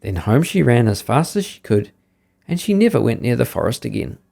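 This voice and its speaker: A man hosting a podcast, reading a bedtime story aloud in a lively, sing-song way. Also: medium pitch, fairly quick, gravelly.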